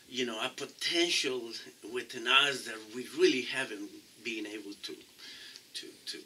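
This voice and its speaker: Accented guy, lots of restarts and fillers, sharp bright voice, sounds off-mic in a room. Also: mid-range voice, far from the mic, slight background noise, low-quality recording. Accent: non-native English accent. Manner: halting, many restarts and fillers. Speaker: council candidate. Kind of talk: interview answers.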